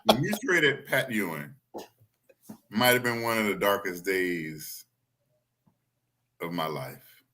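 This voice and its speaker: Low, bright-toned man. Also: lively intonation, slow, pauses often. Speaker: podcast co-host. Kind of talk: casual chat.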